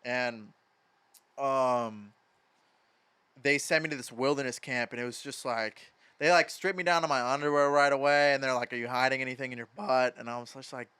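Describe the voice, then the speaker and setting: Young guy from wisconsin, smooth mid voice, swears a lot, says like constantly. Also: medium pitch, moderate pace. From Madison, Wisconsin. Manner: filler-heavy, profane, animated. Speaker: podcast guest. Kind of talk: casual storytelling.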